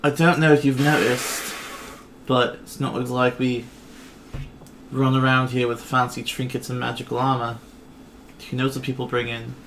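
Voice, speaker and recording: Casting: male game master, mid pitch, laid-back scene-setting, faint background noise. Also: normal speed, pauses often. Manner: relaxed, descriptive, many fillers. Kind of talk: narrating a tabletop game. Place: home, online stream.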